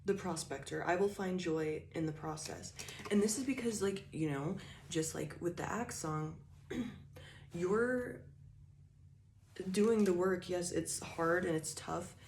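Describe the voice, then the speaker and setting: A woman's voice: fairly low pitch, takes it slowly, vocal fry, darkish tone, roomy sound, slight background noise. A woman giving a casual spiritual tarot reading, rambling and chatty, with lots of filler words. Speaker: tarot reader.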